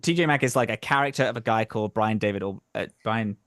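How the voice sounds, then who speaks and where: A man's voice: fairly low pitch, fast talker, fairly bright tone, dry recording. A man with a neutral London accent, chatting casually as a show host, laughing often and swearing now and then. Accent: neutral London English. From England. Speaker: podcast host and game master. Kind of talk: casual chat.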